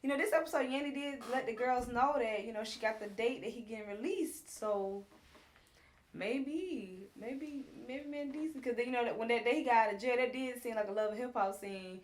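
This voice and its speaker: A woman co-hosting a casual chat, retelling reality TV scenes at length in an animated, talkative way. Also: on the high side, moderate pace. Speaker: co-host reviewing a reality show.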